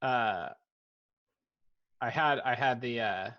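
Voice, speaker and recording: A man's voice: medium pitch, slow pace. A man co-hosting a podcast, talking casually and getting sidetracked as he reads out scenes, laughing often. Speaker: podcast co-host. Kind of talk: casual chat, reading out subtitle dialogue. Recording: muffled lo-fi audio.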